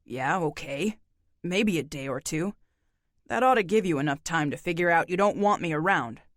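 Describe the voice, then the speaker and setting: A woman's voice: low-pitched, lively intonation, moderate pace, no echo, clean studio sound, pitched below the performer's own voice. A woman reading an audiobook voices a blunt, laconic grown man who speaks in clipped, folksy sentences. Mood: flat, blunt. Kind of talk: audiobook character voice.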